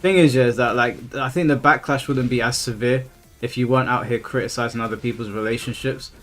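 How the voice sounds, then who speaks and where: A man's voice: mid-range voice, brisk, a bit bright, slight background noise. A young man, chatting casually and ranting with plenty of swearing on his live stream, exasperated.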